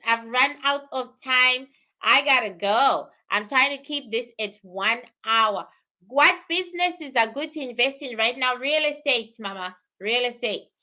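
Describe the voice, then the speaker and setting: A woman talks on a livestream in a bright, forceful voice, pitched a bit high for a woman. She reads out viewer questions and comments. She repeats her key phrases for emphasis. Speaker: spiritual livestream host. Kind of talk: live-stream talk answering viewer questions.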